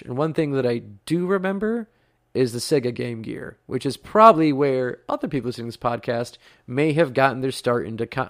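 Male podcast host in his thirties, gravelly, chatty and rambling, dry close-mic sound. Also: medium pitch, no echo. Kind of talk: casual podcast talk.

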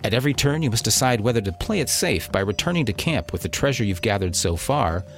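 A man voicing a dramatic adventure-trailer narrator in a mock radio announcer style, slow and ominous. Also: lowish voice, lightly acted.

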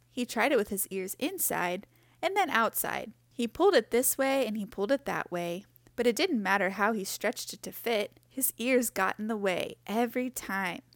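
A woman reading a children's picture book aloud in a gentle, expressive way. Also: a little high, no echo, studio quality. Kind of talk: storybook read-aloud.

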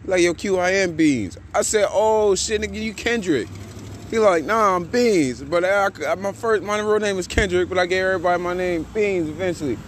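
A man hosting a casual podcast, talking in slang, repeating catchphrases and getting loud and excited. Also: high-pitched, moderate pace, a little hiss or hum. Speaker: podcast host. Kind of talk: casual hyped-up podcast monologue.

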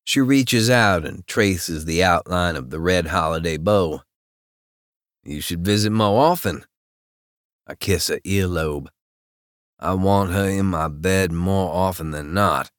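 A man reading a first-person romance audiobook in a very deep, unhurried voice. His tone stays low-key and wry, and the recording is close and dry. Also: a bit bright, smooth, no room sound. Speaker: audiobook narrator.

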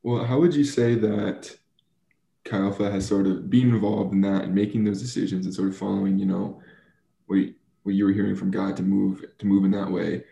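Young guy host, low gravelly mellow voice, roomy echo and faint hum. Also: flat delivery, brisk. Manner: laughs easily, loose rambling questions. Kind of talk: casual interview.

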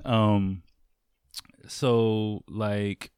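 A man's voice: fairly low pitch, moderate pace, no echo, studio quality. Laid-back American man telling a story. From United States. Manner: laid-back, full of fillers, laughs often. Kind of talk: casual anecdote.

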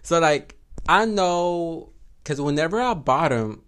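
Young guy rambling on his podcast, cussing a lot, laughing, voice jumps all over, a bit high. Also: expressive, slow, a bit bright, clean tone. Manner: crude, laughing, switches between English and Spanish. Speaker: podcast host. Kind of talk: casual solo podcast chat.

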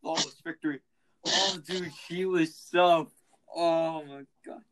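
A teenage boy tells a prank story on a casual mini podcast with a fairly high voice. He is excitable and slangy, and he keeps slipping into voices for the people in the story. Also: takes it slowly, background noise. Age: teens. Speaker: podcast host.

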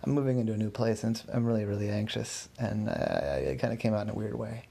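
A man's voice: fairly low pitch, fast talker, vocal fry, dark tone, slight background noise. A man voicing an anxious young man who keeps apologizing and restarting his sentences. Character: nervous anxious young man moving house.

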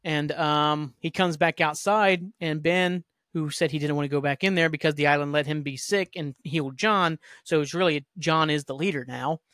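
A man's voice: fairly high pitch, moderate pace, hardly any pauses, dry recording, studio quality. Profane, rambling man recapping a show. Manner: rambling, profane, animated retelling with quoted lines. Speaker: podcast host. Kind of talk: casual solo rewatch recap.

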